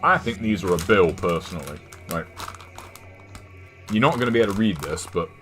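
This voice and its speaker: Deep-voiced English man, chatty streamer. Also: animated, brisk, over music. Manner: rambling, chatty, swears casually. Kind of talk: casual chat while gaming.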